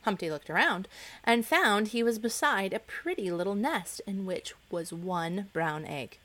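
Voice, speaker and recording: A woman hosting a reading show, narrating a children's story in a gentle, expressive way. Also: mid-range voice, a little slow. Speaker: storybook reader, host.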